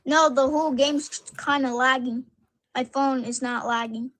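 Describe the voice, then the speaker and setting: A woman's voice: sits high, steady tone, unhurried, fairly bright tone. A woman calling in to a casual online debate, speaking hesitantly. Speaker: debate caller.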